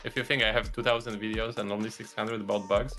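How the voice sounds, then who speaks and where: Podcast guest: man, low pitch, sharp edge, loose rambling chat, faint music underneath. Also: quick pace. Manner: relaxed, rambling with restarts. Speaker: guest, video creator.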